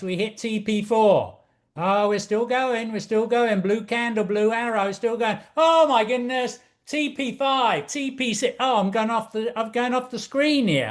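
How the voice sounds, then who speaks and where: Over a shared chart screen, a middle-aged man with a high voice walks viewers through a trading lesson. He speaks slowly and deliberately with a showman's excitement, repeating phrases over and over.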